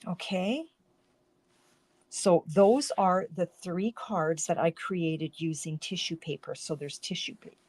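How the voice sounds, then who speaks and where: A woman speaks at a measured pace in a fairly low, darkish voice. Hosting a relaxed card-making stream from her home craft room, she chats rambly and keeps cutting herself off mid-sentence.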